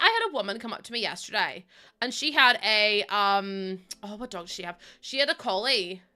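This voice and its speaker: Streaming from home into a desk mic while playing a game, a woman chats casually and rambles through stories with plenty of fillers. Her voice is medium in pitch with a sharp edge.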